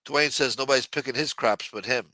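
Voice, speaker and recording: A man's voice: mid-range voice, a little fast, bright, forceful tone, dry recording. A man hosting a late-night livestream, chatting casually and profanely while reading viewer messages. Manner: loose, profane, jokey banter reading viewer chats. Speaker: livestream show host.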